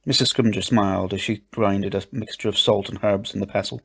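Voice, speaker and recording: A man reading a children's story aloud, in a gentle, measured storybook narration. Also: lowish voice, steady tone, vocal fry, husky. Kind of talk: scripted narration.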